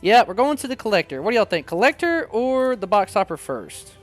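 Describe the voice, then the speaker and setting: A man hosting a casual card-opening video, chatting excitably and reading card text aloud. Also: high-pitched, a little fast, faint music behind. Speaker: card-opening channel host. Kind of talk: casual unboxing chat.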